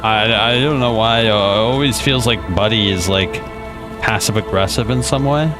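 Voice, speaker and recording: A man's voice: on the low side, moderate pace, over music. A male streamer chatting casually and joking while playing and reading game dialogue aloud. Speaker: gaming streamer. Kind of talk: casual let's play commentary.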